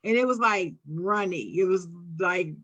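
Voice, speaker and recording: A woman's voice: lowish voice, measured pace. A woman with a Philadelphia accent telling a childhood story on a casual podcast, acting out the voices she quotes. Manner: animated, acts out quoted voices. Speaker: podcast co-host.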